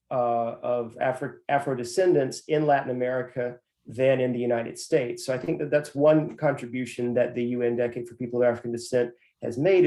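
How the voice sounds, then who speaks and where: Measured professor in an echoey room. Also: male voice, mid-range voice, mellow. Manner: measured, with many "uh" fillers. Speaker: professor and guest. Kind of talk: interview answers. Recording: roomy echo.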